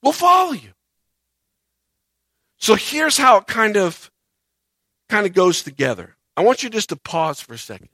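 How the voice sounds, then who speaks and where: High-voiced, animated preaching man. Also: moderate pace, dry recording. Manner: animated preaching, acts out quoted voices, swings loud and soft. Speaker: pastor. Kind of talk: sermon.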